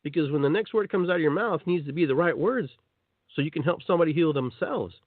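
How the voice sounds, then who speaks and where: A man hosting a live spiritual talk show, talking in a loose, animated way and acting out little scenes in playful voices. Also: a little high, quick pace, no echo, phone-quality sound. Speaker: host. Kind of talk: spiritual talk radio monologue. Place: radio show.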